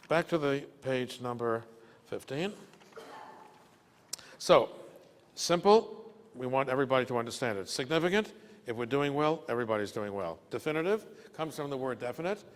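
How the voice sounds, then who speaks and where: A man's voice: medium pitch, lively intonation, normal speed, long pauses. An older man giving a keynote business talk, a folksy storyteller who jokes and checks in with his listeners. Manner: folksy, joking storyteller who asks "okay?" often. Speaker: keynote speaker. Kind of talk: business lecture with anecdotes. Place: breakfast event hall. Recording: echoey hall with long reverb.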